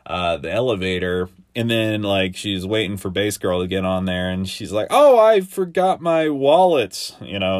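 A man's voice: on the low side, no room sound, clean studio sound. A young man casually recapping a TV episode, rambling with lots of fillers and side remarks. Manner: rambling, laid-back, lots of fillers and quick asides. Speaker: podcast host.

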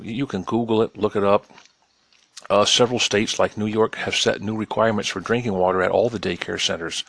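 A low-pitched man delivers a cynical, sarcastic rundown of the news, reading passages aloud and picking them apart. He speaks in a folksy, direct way to his listeners. The sound is dry and close, with no room around it. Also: fairly even intonation, brisk, creaky, a bit bright, no room sound. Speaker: news commentator. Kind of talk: sarcastic news commentary monologue.

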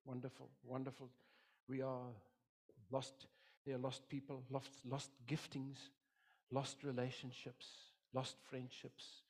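This middle-aged pastor speaks in a monotone, medium-pitched voice that's a little mellow and a little slow. Still, his sermon is impassioned and repetitive, swelling and dropping, with dramatic quoted voices.

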